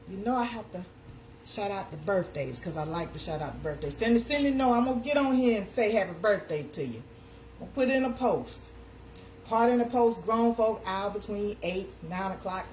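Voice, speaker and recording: Woman livestream host, high voice, sing-song and chatty, faint noise behind. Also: a little mellow. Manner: sing-song, chatty, reads comments aloud. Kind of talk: casual live chat.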